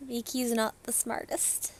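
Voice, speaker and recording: A woman's voice: fairly high pitch, little pitch movement, measured pace. A woman playing in a tabletop game, chatting casually in an easygoing way and laughing along. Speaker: player.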